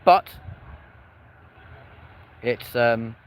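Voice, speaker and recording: A man's voice: medium pitch, expressive, very slow. A man giving chatty, upbeat live commentary to his viewers outdoors beside an airport, recorded on a phone. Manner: chatty, upbeat, addresses viewers as friends and folks. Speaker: live-stream plane spotter.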